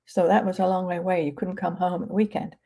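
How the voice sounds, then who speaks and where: A woman's voice: on the low side, flat delivery, fast, gravelly, dark tone. A woman with an English accent talking casually as an author on a live stream, with many fillers and restarts. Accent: English, from near London. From England. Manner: conversational, with frequent fillers and restarts.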